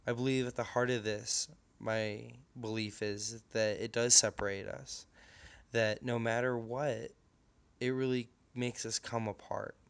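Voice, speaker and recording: A man delivering a class presentation, earnest and a little halting as he reads. His voice is clear and smooth, sitting at a middle pitch. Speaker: student presenter.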